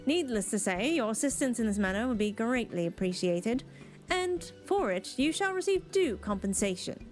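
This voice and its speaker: A woman voicing a formal official inquisitor who speaks in a measured, proper way. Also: fairly high pitch, expressive, darkish tone, soft background music, natural voice.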